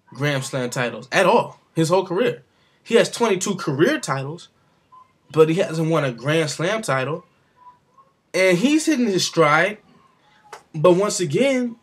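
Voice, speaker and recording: A man's voice: a little high, fairly bright tone, husky. A man giving his casual, rambling opinions on the sport, with offhand asides. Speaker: sports commentator vlogger.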